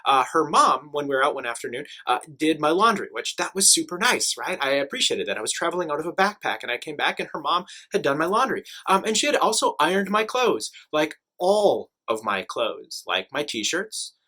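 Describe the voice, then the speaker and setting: A young man tells a travel story straight to the camera in a chatty, animated voice. His tone is bright and forceful and sits a little high for a man, and he keeps the talk loose with plenty of ums and asides. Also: fairly quick, hardly any pauses. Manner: animated, chatty, many fillers. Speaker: teacher telling travel stories.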